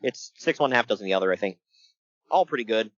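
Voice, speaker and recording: Animated joking man recapping wrestling. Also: fairly low pitch, quick pace, dry recording, dull audio. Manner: joking, animated, laughs often. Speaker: podcast co-host. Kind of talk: casual chat recapping a wrestling show.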